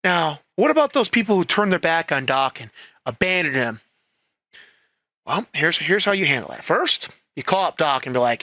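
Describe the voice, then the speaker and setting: Brief: chatty commentary host, man, bright sharp voice, a bit high, swears freely. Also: sing-song, moderate pace, no room sound, clean studio sound. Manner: chatty, profane, acts out quoted voices. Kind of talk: casual opinion commentary.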